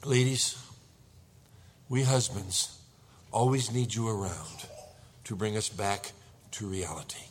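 A man's voice: on the low side, slow, long pauses, a little hiss or hum. A middle-aged man preaching a sermon as a pastor, telling the story with animation and acting out panicked husbands.

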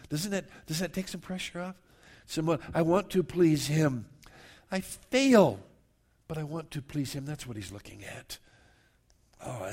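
A man's voice: on the high side, creaky, darkish tone, breathy edge. A man preaching a verse-by-verse sermon in an earnest, conversational way, turning often to speak straight to his listeners. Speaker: pastor.

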